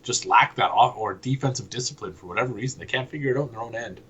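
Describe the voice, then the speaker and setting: A man co-hosting a casual sports podcast, joking and animated as he makes his points. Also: mid-range voice, fast talker, highs cut off, a little hiss or hum. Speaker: podcast co-host.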